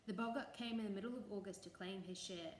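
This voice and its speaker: A woman's voice: mid-range voice, fast, slight background noise. Woman telling a folk tale. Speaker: storyteller. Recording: echoey room, faint ambience.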